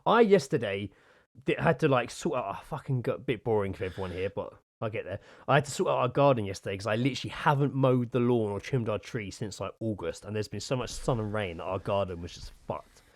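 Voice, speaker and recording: A man co-hosting a podcast, telling animated stories in casual chat and swearing a lot. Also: lowish voice, quick pace, dry recording, studio quality. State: sore from gardening. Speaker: podcast co-host.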